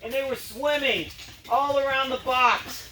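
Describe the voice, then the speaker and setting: A man's voice: very high-pitched, a little slow, bright, forceful tone, soft background music. Man telling a story while cueing dogs. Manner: rambling, breaks off to cue the dogs. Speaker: dog trick performer. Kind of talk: storytelling dog trick show. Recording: roomy, distant mic, background noise.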